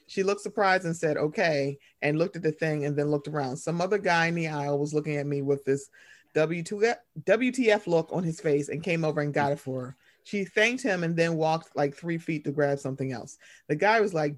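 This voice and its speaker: Chatting casually as a podcast co-host, this young woman rambles, reads out a story, and imitates her mother in a high-pitched voice. She talks a little fast.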